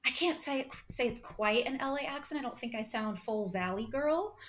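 A woman's voice: a little high, expressive, normal speed, fairly bright tone. An American woman who acts, talking as a podcast guest, enthusiastic and laughing often with many fillers. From United States. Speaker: guest, actor. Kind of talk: casual podcast interview.

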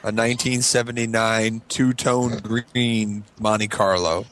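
A man's voice: lowish voice, fairly even intonation, a little slow, fairly bright tone. A man casually reminiscing to friends about an old car, rambling and swearing. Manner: nostalgic, rambling, profane. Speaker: podcast co-host. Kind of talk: casual storytelling among friends.

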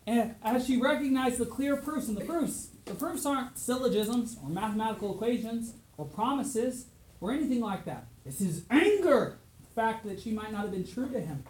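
A lecturing teacher, reads ancient verse aloud with dramatic flair, asks the class questions, medium-pitched voice, echoey room. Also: expressive, normal speed, a little mellow.

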